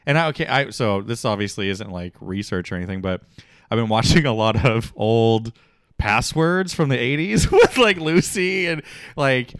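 A man co-hosting a podcast in casual chat, enthusiastic and halting with restarts. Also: medium pitch, expressive, clear, resonant tone, no room sound, studio quality. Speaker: podcast co-host.

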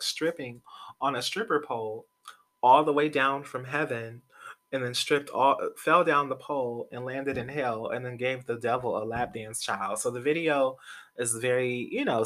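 A man's voice: medium pitch, sharp tone. A young man hosting a podcast, chatting casually and gossiping about pop culture, swearing freely and laughing often. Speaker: podcast host.

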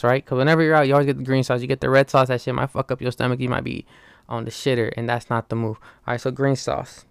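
A young man delivering a swearing, animated comic rant, often checking in with "right?". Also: mid-range voice, clear, resonant tone, no echo.

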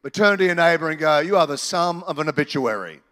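Man, pastor, animated joking sermon, slightly high pitch, long church reverb. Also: fast talker. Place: church hall.

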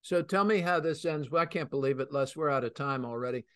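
Talk show host guy, kinda high voice, emphatic and rambly, dry sound. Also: fairly quick, fairly bright tone, no room sound. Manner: emphatic, storytelling, many fillers. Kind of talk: radio talk show discussion.

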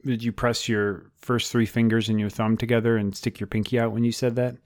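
A man's voice: mid-range voice, level tone, fairly quick, a little mellow. A man co-hosting a podcast, teasing his partner in joking, casual banter. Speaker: podcast co-host. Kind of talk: casual chat.

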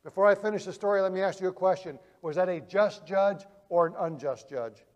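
A male preacher telling vivid illustrations, swinging from loud emphasis to hushed quiet. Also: high voice, brisk, big-room sound. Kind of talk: sermon.

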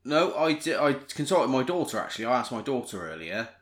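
Brief: Bristol man, animated pitch, self-mocking podcast banter. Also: a little fast. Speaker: podcast co-host. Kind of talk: casual banter among friends.

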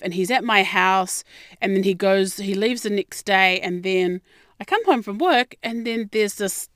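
A woman with an Australian accent, telling a personal story in a blunt, heavily profane and animated way. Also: mid-range voice, no echo, studio quality. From Melbourne, Australia.

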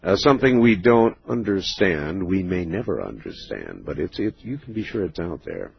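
A man hosting a late-night call-in radio show, speaking in a measured way as he takes calls. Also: deep voice, very animated, gravelly, slightly rough, dry recording. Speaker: radio talk show host. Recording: muffled radio broadcast.

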